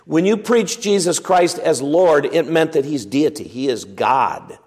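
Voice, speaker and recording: A man's voice: fairly high pitch, lively intonation, unhurried, a little mellow, slightly rough, in a large hall. A man preaching a sermon in a conversational teaching way, asking his listeners questions and often restarting with fillers and repeated words. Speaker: pastor.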